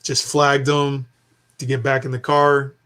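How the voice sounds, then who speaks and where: A man in casual conversation, telling an animated story and acting out the dialogue. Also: medium pitch, measured pace, smooth. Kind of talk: casual chat.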